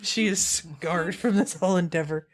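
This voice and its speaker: A woman's voice: on the low side, normal speed. A woman narrating as game master of a tabletop game, playful and laughing often.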